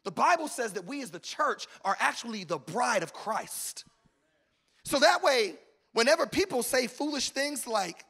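A male pastor delivers a sermon in a church, his voice pitched high and sounding bright and forceful. He swells to emphatic peaks and calls out to the congregation as he preaches. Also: expressive, normal speed. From American South. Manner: preaching with call-outs and rising emphasis. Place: church auditorium.

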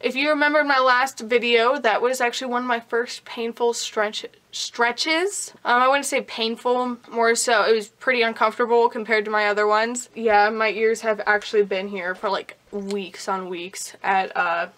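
A woman's voice: fairly high pitch, fairly even intonation, normal speed, hardly any pauses, a bit bright. A young woman vlogging in a casual, chatty way, talking with a slight lisp. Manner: chatty, casual, swears offhandedly. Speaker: beauty vlogger. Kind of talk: casual vlog chat.

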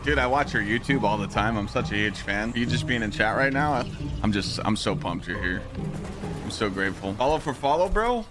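Male gaming streamer, mid-pitched, foul-mouthed, with music underneath. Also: animated, moderate pace. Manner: brash, profane, rambling. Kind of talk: casual livestream chat.

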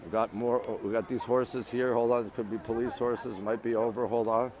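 A man's voice: mid-range voice, level tone, normal speed, darkish tone. A Canadian man hosting a live phone stream outdoors, greeting viewers and reading their comments aloud in chatty bits. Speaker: livestream host. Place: outdoors on monument steps in a busy city. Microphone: phone held while streaming.

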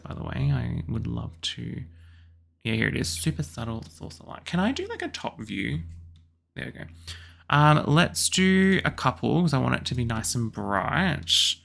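A young Australian man chatting casually and excitedly as he builds a house in a video game, with lots of apologetic asides. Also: medium pitch, normal speed, creaky. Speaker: YouTuber building houses in a life-sim game. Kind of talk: casual gameplay commentary.

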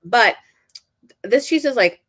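A woman's voice: fairly high pitch, lively intonation, slow, fairly bright tone, slightly rough, no room sound, studio quality. A woman co-hosting a casual cheese tasting chat, describing flavors in loose, enthusiastic phrases. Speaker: co-host.

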